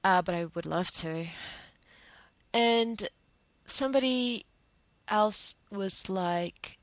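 Gravelly woman telling an emotional story. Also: mid-range voice, slow, pauses often, dry recording. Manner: emotional, hesitant, many restarts. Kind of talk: personal storytime monologue.

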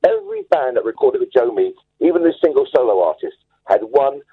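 Male phone-in caller, husky voice through a thin phone line, eager and rambling. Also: mid-range voice, huge pitch swings, fairly quick. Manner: enthusiastic, rambling, self-assured. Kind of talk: phone-in storytelling. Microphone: telephone.

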